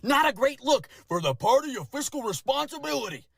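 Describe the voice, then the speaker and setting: High-pitched indignant young man. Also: big pitch swings, a little fast, vocal fry, fairly bright tone, no room sound, clean studio sound. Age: young adult. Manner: indignant, swearing, sneering sarcasm. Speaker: social media ranter. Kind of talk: angry video rant.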